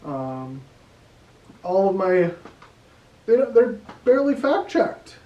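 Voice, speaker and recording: A young man runs through a casual stand-up set, his voice sitting a little high. He rambles and leans on ums and likes. He is picked up from a distance in a roomy, echoing space. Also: big pitch swings, slow pace, dull audio. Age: young adult. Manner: rambling, filler-heavy delivery with many ums and likes. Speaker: stand-up comedian. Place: room at home. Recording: echoey room, voice from a distance.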